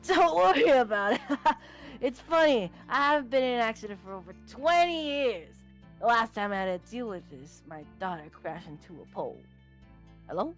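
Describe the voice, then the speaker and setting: A woman voicing a creepy middle-aged man who speaks in a smug, slow and overly formal way. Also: on the high side, big pitch swings, faint music behind.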